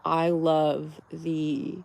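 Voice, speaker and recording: A young woman with a somewhat low-pitched voice hosts a relaxed livestream. She chats freely and giggles often as she answers her viewers' comments. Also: very slow, creaky. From Connecticut, USA. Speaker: livestream host. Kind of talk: casual livestream chat with viewers.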